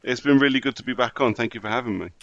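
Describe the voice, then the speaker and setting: A man's voice: mid-range voice, very fast, fairly bright tone, no room sound, lo-fi sound. A British man speaking as a guest on a podcast, modest and easygoing in casual chat.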